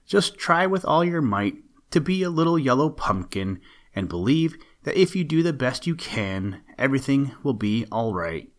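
A man's voice: medium pitch, very animated, normal speed, pitched above the performer's own voice, natural voice. A man voicing the merry little breezes and sunbeams, teasing and cheerful in a singsong way, in a storybook reading.

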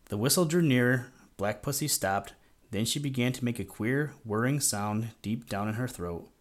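A man narrates a children's audiobook at a medium pitch, telling the story in a measured, gently expressive way.

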